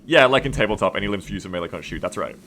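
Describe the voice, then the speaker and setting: A man streaming a strategy game live, excitable and rambling, swearing freely as he plays. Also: fairly low pitch, very fast, creaky, a little hiss or hum. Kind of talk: casual gaming livestream commentary.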